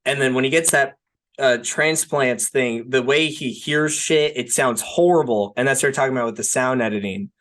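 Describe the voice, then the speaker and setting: A man's voice: mid-range voice, moderate pace, fairly bright tone. Rambling young man chatting about a film. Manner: rambling, filler-heavy, says "like" and "right?" often. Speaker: podcast co-host. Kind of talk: casual film discussion.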